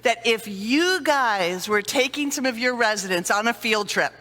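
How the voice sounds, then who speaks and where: A middle-aged woman speaking to a conference audience, telling lively stories and acting out sighs and little scenes. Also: on the high side, moderate pace. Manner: animated storyteller, acts out sighs and little scenes. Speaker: conference speaker on dementia care. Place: conference hall. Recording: long reverb of a hall.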